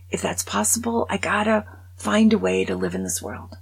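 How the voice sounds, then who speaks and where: A woman over sixty-five hosting her podcast, telling a long joke in a casual conversational way and dropping to a hushed voice for the sad parts. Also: medium pitch, big pitch swings, normal speed, creaky, husky. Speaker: podcast host.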